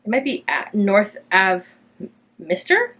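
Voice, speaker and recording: A woman's voice: medium pitch, sing-song, takes it slowly, breathy edge. A young woman from Canada hosting a knitting podcast, chatting casually and rambling with lots of fillers. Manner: chatty and rambling, many fillers, bright lifts when quoting herself. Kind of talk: casual chat to camera.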